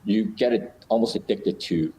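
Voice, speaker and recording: Man, low voice, casual storytelling, lots of fillers and restarts, faint background hiss. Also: normal speed, mellow, low-quality recording. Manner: storytelling, many fillers and restarts, acts out little scenes. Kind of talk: casual explanatory chat.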